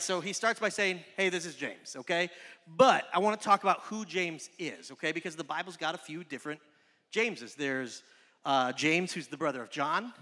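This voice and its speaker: A young male youth pastor preaching in a loose, joking way, telling lively stories. His voice sits high and sounds bright and bold. The sound rings out with a long hall echo. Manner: chatty, joking, animated storytelling. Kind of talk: casual sermon. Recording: echoey hall reverb.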